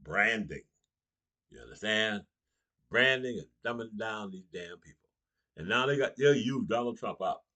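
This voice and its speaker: A man's voice: fairly low pitch, expressive, normal speed, long pauses, pushed and bright. A middle-aged man doing a political comedy monologue, talking straight to his audience and laughing between lines.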